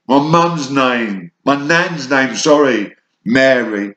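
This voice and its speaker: A man's voice: medium pitch, extremely slow, highs cut off. A man from Kent with a southern English accent, telling a rambling personal monologue in short, fragmented bursts that jump between memories. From Kent, England. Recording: echoey room.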